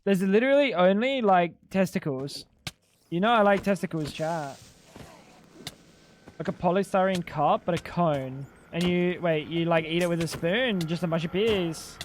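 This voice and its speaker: High-voiced man streaming a game. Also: a little slow, pauses often, a little hiss or hum. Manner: joking, playful, talks to chat. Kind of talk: casual live-stream chat while gaming.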